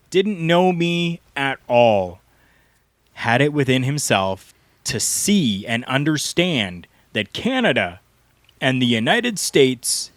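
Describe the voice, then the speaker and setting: A middle-aged man, a former pro wrestler, co-hosting a podcast and telling stories in an earnest, deliberate way. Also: medium pitch, dry recording. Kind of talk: storytelling podcast talk.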